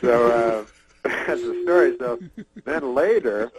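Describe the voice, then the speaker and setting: Deadpan man rambling through a story. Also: mid-range voice, slow, rough recording. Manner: deadpan storyteller, many fillers and restarts, laughs to himself. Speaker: guest. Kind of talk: rambling anecdote.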